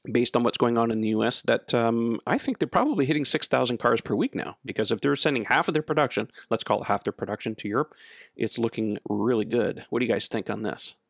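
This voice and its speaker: A man hosting a casual podcast, talking in a relaxed, rambling way with lots of fillers. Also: mid-range voice, normal speed, gravelly, dry recording, clean studio sound. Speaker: podcast host.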